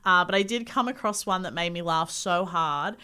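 A woman's voice: on the low side, moderate pace, pushed and bright, clean tone. Giggly Australian woman podcast host. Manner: giggly, playful. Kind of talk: casual chat.

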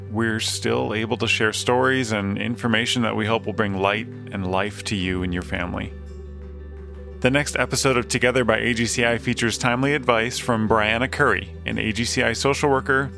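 A male podcast host reading a measured, scripted outro. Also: medium pitch, creaky, a bit bright.

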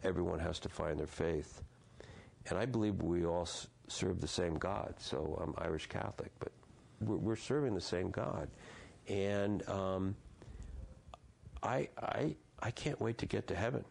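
A man in his sixties speaks in a very low voice with a rough, gravelly edge. He tells a reflective personal story as an interview guest, halting, repeating words and circling back as he goes. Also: a little mellow. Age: 60s.

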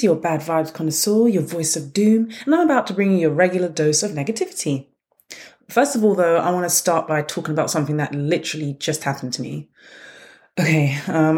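A woman hosting her own podcast, telling stories in a blunt, sarcastic, animated way. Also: sits low. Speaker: podcast host. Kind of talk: casual solo podcast monologue.

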